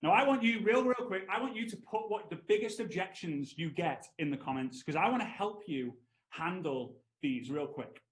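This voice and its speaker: An energetic man in his thirties teaches through stories, talking in a fairly high voice and pulling his audience in with questions. His voice rings in a roomy space. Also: moderate pace. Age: 30s. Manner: energetic, animated, asks the audience to respond. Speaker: network marketing trainer. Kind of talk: storytelling training talk. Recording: roomy echo.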